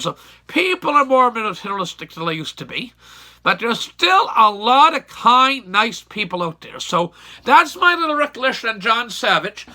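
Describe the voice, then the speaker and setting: Older guy rambling on with a folksy story, high-ish voice, real bright and sharp. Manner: folksy, rambling, opinionated, with emphatic repeats. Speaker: YouTube storyteller. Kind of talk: casual spoken recollection.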